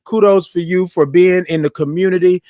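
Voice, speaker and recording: A man's voice: high voice, fairly even intonation, normal speed, dark tone, dry recording, studio quality. A man hosting a live morning talk stream. He chats casually with his viewers, says "y'all" and greets people by name in long, sung greetings. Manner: Southern-style informal speech, says "y'all". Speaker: host of a live morning show.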